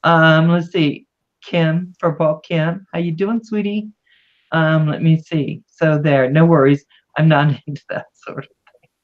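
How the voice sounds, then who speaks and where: A woman's voice: deep voice, fairly even intonation, a little slow, muffled recording. A woman hosting a livestream, chatting casually and greeting viewers with affectionate words. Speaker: livestream host.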